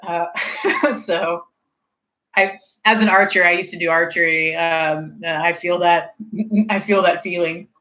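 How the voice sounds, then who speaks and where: A woman in her thirties, slightly tipsy, chatting casually with her viewers and rambling off into animated tangents. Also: on the low side, unhurried, poor audio. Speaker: streamer hosting a snack review.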